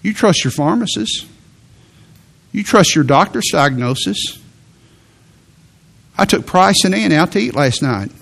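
A man's voice: sits high, animated, measured pace, gravelly, pauses often, a bit bright, breathy edge. A middle-aged male pastor preaching a sermon in an earnest, emphatic way, with sudden rises for emphasis.

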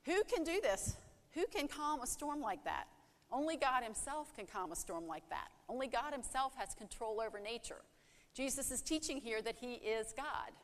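A woman's voice: sits high, animated, moderate pace, big-room sound. A woman preaching a sermon in an earnest way, asking rhetorical questions and acting out heartfelt prayers.

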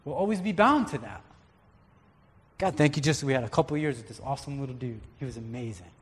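A man's voice: medium pitch, animated, fast talker. A man preaching a conversational, earnest sermon as a pastor. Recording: long hall reverb.

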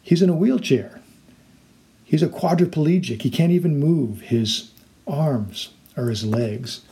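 A man's voice: fairly high pitch, unhurried, warm tone. A man preaching a sermon as a pastor, earnest and explanatory, now and then acting out the voices in his stories.

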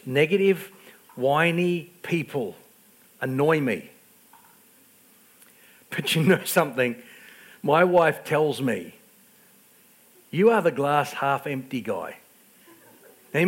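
Male pastor, high voice, sermon, stammering restarts, loud and quiet swings. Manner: self-deprecating storytelling with stammered restarts; swings between loud outbursts and quiet asides.

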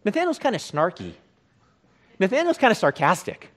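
A male pastor leads a prayer and reads a scripture passage to his congregation. His voice sits a little high and moves around a lot in pitch. He keeps the tone conversational. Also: fairly quick. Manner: animated, conversational, prays then reads aloud. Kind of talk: sermon with prayer and scripture reading.

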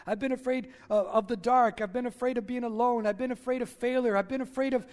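A man's voice: extremely high pitch, fairly even intonation, fast, a little mellow. A male pastor preaching a sermon, talking straight to his listeners and repeating key lines for emphasis.

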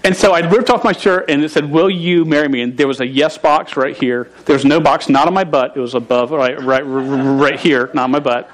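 Joking, animated male pastor. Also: fairly high pitch, brisk, few pauses, low-quality recording. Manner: humorous, animated storytelling with stammers. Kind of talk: sermon with personal story.

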